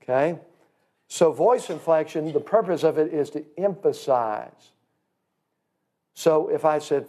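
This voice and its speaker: A man's voice: a little high, measured pace, pauses often, darkish tone. A man teaching a church class in a sermon style, folksy and emphatic, calling his listeners friend.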